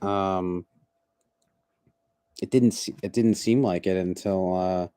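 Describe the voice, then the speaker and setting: Young man, livestream host, casual chat, halting, repeats words, unhurried, dry close sound. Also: low voice, fairly even intonation, dark tone, clean tone, no echo. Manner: halting, repeats words, drawls some phrases, mock-soothing asides.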